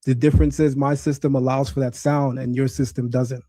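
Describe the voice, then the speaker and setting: Over a screen-sharing stream, the host of a Hebrew pronunciation debate keeps pushing and correcting his guest. He speaks a little fast in a medium-pitched, level voice with a dark tone.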